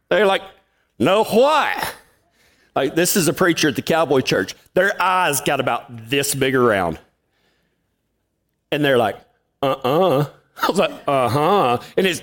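The pastor here has a fairly bright, high-leaning voice. In his sermon he spins a drawling, folksy tale, acting out each bit of dialogue.

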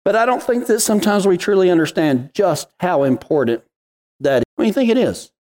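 A man's voice: high-pitched, animated, a little fast, a little mellow. A middle-aged man giving a folksy devotional talk, telling a story in cowboy slang before turning to scripture. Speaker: devotional podcast host.

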